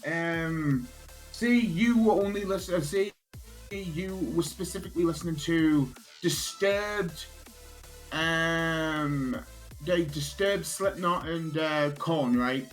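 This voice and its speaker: Guy with a higher voice rambling on stream, lots of um and uh, music in back. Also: takes it slowly, rough recording. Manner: rambling, many fillers and restarts, joking. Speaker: friend on stream. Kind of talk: casual chat.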